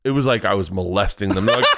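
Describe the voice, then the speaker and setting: A man hosting a podcast, joking loudly and reacting fast in casual comedic chat. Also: on the low side, background noise. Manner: loud, joking, quick reactions. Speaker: podcast host.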